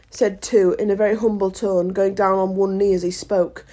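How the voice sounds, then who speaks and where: A woman reading a classic children's storybook aloud in a lively, expressive way. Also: mid-range voice, normal speed, hardly any pauses. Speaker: audiobook reader.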